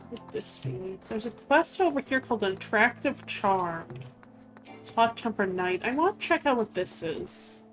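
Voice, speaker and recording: A woman streaming a game, talking quietly to herself with fillers and self-corrections. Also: a little high, lively intonation, moderate pace. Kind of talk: casual gameplay commentary. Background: faint game music.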